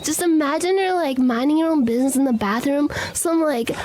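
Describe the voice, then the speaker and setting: A woman's voice: high voice, fairly quick, a little mellow, slight background noise. A woman streamer telling a story casually, stammering and repeating phrases. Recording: clear music behind voice.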